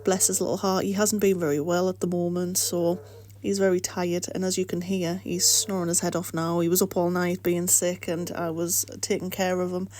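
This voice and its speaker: An art channel host records a casual voice-over in her home studio, her low, level, slightly mellow voice moving at a moderate pace. She's coming down with the flu and her voice is starting to give out, yet she rambles on encouragingly.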